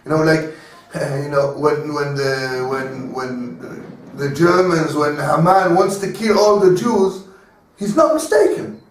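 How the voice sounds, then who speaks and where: Halting rabbi with a Hebrew accent, echoey room. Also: male voice, a little high. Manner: halting, repeats words while searching for English terms; chuckles often while explaining. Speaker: rabbi teaching a class. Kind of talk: informal Torah lecture. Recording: echoey room, speaker far from mic.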